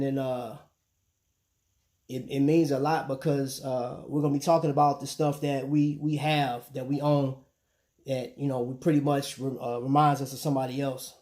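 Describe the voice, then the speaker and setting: Man, live-stream host, casual slang, fairly high voice, tablet mic. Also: dark tone. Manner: laid-back slang, chatting with viewers, often saying "man".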